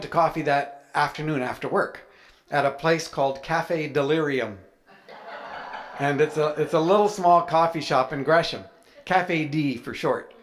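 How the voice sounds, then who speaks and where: A man's voice: on the high side, measured pace. A man, an author, telling a chatty, anecdotal story with playful humor to a live audience. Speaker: author speaking at a writers' event.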